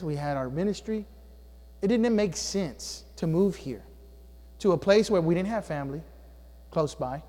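A man preaching to his congregation in a church, his voice sitting high for a man. He swings between booming and hushed. The sound rings out with the long echo of the hall. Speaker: pastor. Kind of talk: sermon. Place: church sanctuary.

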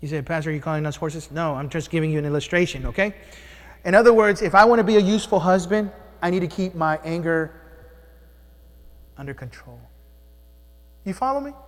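A man's voice: a little high, brisk, pauses often, in a large hall. A middle-aged man preaching a sermon as a pastor, talking conversationally and asking the congregation questions. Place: church sanctuary.

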